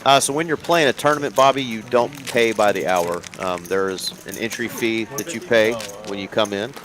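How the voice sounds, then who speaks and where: A man's voice: lowish voice, moderate pace, a bit bright. A man commentating live poker in an easygoing, informative way. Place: card room broadcast booth. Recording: casino crowd noise behind.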